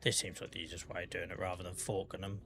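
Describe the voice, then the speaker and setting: A man's voice: low voice, little pitch movement, fast talker. A man with a Norfolk accent casually chatting through a farming game stream, chatty and self-deprecating, muttering to himself as he plays. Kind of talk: casual gameplay commentary. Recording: faint music in the background.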